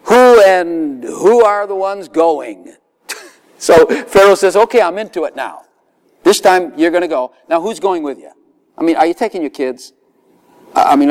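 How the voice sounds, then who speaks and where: A man preaching a sermon, telling stories with laughter and acting out quoted voices. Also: a little high. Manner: animated storytelling with laughs, dramatic quoted voices.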